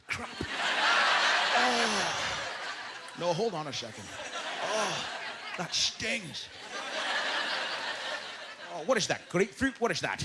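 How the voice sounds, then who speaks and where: A man doing a stand-up comedy set on a club stage, animated and jumping into shouted character voices. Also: high voice, slow pace, long pauses, very noisy. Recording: loud audience laughter behind.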